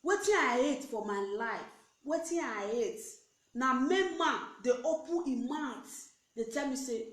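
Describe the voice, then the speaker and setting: A woman's voice: sits high, moderate pace. Preachy Nigerian woman, echoey room. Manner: animated, preachy, mixes pidgin with English. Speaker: network marketing recruiter. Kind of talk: motivational live video rant.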